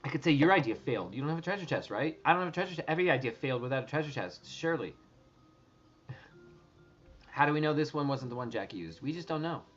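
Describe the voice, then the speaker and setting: A man talking casually to his viewers, rambling and excitable, swearing and restarting his sentences often. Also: fairly high pitch, quick pace, lo-fi sound, soft background music. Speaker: treasure hunt vlogger.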